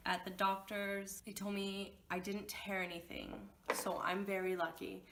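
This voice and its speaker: A young woman talks straight to camera in a casual storytime vlog. Her retelling runs heated and emotional, with blunt swearing. Her voice sits at an ordinary middle pitch for a woman. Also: flat delivery, unhurried, fairly bright tone, slight background noise. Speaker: vlogger.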